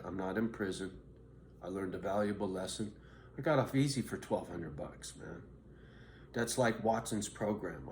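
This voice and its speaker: A middle-aged man bluntly telling his own story in a profane, street-tough way. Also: lowish voice. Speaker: vlogger. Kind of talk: candid personal monologue. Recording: roomy echo, faint background noise.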